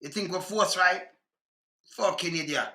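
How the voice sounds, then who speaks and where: A man's voice: high-pitched, a little slow, pushed and bright, reverberant. A man with a Jamaican accent in an angry, profane rant reacting to clips. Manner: heated, profane, scolding.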